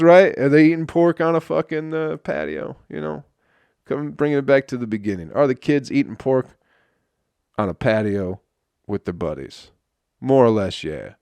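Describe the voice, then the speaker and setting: A man's voice: on the low side, dry recording, clean studio sound. Profane, exasperated man ranting on a podcast. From Flint, Michigan. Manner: profane, exasperated ranting with sudden loud outbursts. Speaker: comedian podcast host. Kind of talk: solo comedic podcast rant.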